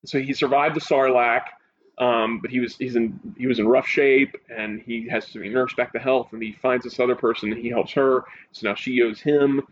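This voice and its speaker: Medium pitch and a moderate pace mark this casual male co-host, an eager storyteller animatedly recounting a show. It's casual chat, and the slightly muffled audio is dull with a faint hiss.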